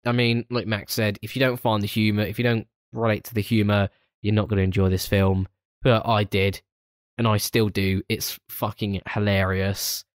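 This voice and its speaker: A young man chats about films on a podcast, his voice sitting on the low side. He swears freely and laughs easily as he talks. The sound is close and dry, with no room around it. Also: normal speed, no room sound. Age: 20s. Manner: swears freely, laughs often, animated retelling. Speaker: podcast co-host. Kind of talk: casual film review chat.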